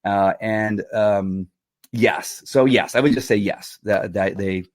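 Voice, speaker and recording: A man's voice: fairly low pitch, takes it slowly, no room sound, clean studio sound. A middle-aged man, a dog trainer, talking earnestly and a bit rambling on a live stream, answering viewer comments.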